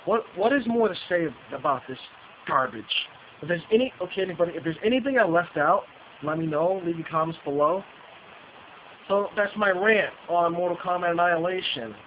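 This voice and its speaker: High-pitched guy ranting and cussing, keeps repeating himself, dull lo-fi sound with faint hiss. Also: lively intonation, fairly quick. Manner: profane, repetitive, restarts sentences. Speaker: movie reviewer. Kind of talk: casual ranting review.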